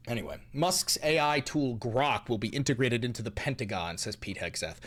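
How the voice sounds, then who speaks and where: A man's voice: medium pitch, moderate pace, hardly any pauses, a bit bright. A young man hosting a commentary vlog, ranting in a heated, mocking and profane way. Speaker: host.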